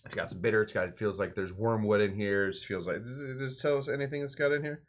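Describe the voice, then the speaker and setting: Speaking at a quick pace in a lowish voice, this man runs a casual cocktail demo at home. He mixes and samples drinks, rambling, cracking jokes, and cutting himself off along the way.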